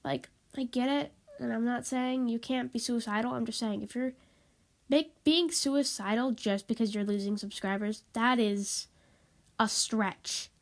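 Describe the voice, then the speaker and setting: A woman's voice: a little high, unhurried. A woman vlogging in a casual, rambling monologue, stuffy and sniffling, apologetic and repeating herself, recorded on a tablet. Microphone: tablet microphone.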